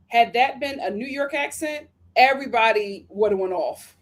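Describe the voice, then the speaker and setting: Chatty high-voiced woman livestreaming. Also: animated. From United States. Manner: chatty and slangy, laughs often, drifts into quick asides. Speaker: reality TV reviewer hosting a livestream. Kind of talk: casual livestream commentary reading viewer comments.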